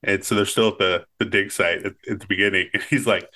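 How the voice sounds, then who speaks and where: A man's voice: lowish voice, steady tone, quick pace, bright, forceful tone. A man co-hosting a podcast, chatting casually and wryly about scenes he likes. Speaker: podcast co-host. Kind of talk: casual chat.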